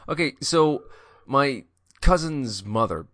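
A man's voice: mid-range voice, expressive, slow pace, fairly bright tone, dry recording, clean studio sound. Playful man telling a story. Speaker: podcast co-host. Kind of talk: casual chat.

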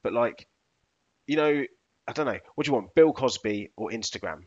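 A man co-hosting a podcast, animated and quick to laugh, with rambling asides. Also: medium pitch. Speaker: podcast co-host. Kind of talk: casual banter. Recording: dull lo-fi recording.

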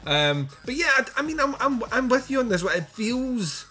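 A man's voice: extremely high pitch, sing-song, normal speed, bright, forceful tone, soft background music. Guy cohosting a movie podcast, loose and rambly, swears a lot. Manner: rambling, swearing, many fillers and restarts. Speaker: podcast co-host. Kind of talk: casual film review chat.

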